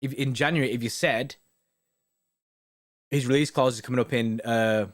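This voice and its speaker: A man's voice: medium pitch, steady tone, normal speed. A young man chatting casually as a host, rambling and often asking "do you know what I mean". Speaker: host reading viewer comments. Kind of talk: casual live-stream chat.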